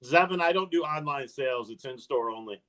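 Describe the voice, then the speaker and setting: A man's voice: medium pitch, lively intonation, brisk, a bit bright. A man who runs a hobby shop, chatting casually, laughing often and restarting his sentences. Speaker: hobby shop owner hosting a livestream. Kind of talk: casual chat.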